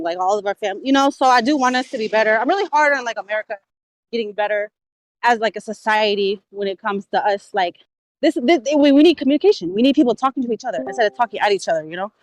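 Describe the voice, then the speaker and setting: Fast-talking emphatic woman streamer. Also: medium pitch, poor audio. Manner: emphatic, profane, quick. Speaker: stream host. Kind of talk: casual livestream discussion.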